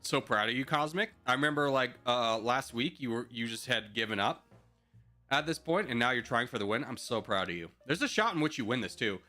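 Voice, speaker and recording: Role: bright-voiced joking male game streamer. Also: medium pitch, animated, fairly quick, soft background music. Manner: joking mock rants, frequent laughs. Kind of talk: live game-stream commentary.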